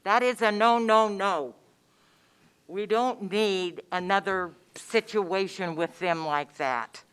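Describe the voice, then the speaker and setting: A woman's voice: mid-range voice, takes it slowly, fairly bright tone, smooth. Angry woman giving public comment. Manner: angry, emphatic and repetitive. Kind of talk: public comment at a county meeting.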